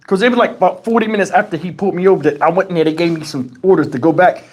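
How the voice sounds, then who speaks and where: Racing along in a high voice, a livestream host tells a story in casual, profane chat, animated and acting out the dialogue as he goes. He's recorded on a wireless lavalier mic.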